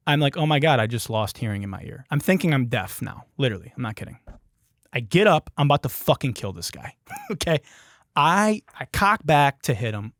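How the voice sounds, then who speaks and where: Lively, profane storyteller man from Detroit. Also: fairly high pitch, no echo, clean studio sound. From Detroit, United States. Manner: profane, animated, emphatic. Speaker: podcast host. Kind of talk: comedic storytelling.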